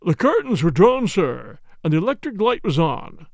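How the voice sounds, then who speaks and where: A man's voice: high-pitched, sing-song, normal speed, vocal fry, no room sound, clean studio sound, heavily acted. A man voicing a respectful, formal male butler in an audiobook reading. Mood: deferential. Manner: deferential, formal.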